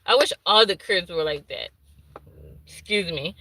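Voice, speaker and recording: A woman who works as an infant daycare teacher, casually telling a story to the camera, animated and laughing, acting out what she said to the babies. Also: fairly low pitch, unhurried, low-quality recording. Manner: animated, laughing, acts out her own asides in dialect.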